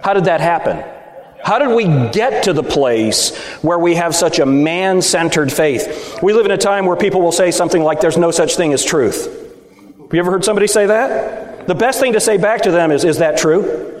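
A middle-aged Baptist preacher delivers an emphatic sermon in a big, echoey sanctuary. His voice sits a touch high for a man and rings out with a long reverb. He keeps tossing rhetorical questions at the room to make sure they are with him. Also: lively intonation, brisk. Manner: emphatic, rhetorical, seeking agreement from the audience. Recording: echoey hall, speaker at times off mic.

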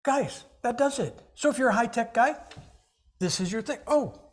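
Lively, joking male preacher. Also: extremely high pitch, moderate pace, slight background noise. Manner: animated, jokey, acts out little scenes. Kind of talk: humorous sermon.

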